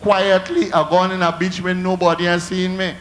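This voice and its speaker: A man with a Trinidadian accent, a calypso comedian telling a comic story on stage in broad dialect with animated punchlines. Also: high-pitched, moderate pace.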